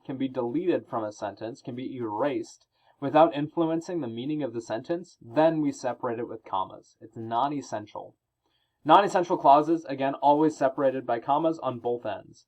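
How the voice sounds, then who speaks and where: Male teacher, mid pitch, explanatory and casual with fillers, recorded on dull lo-fi audio. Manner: explanatory, with fillers and self-corrections. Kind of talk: recorded grammar lesson.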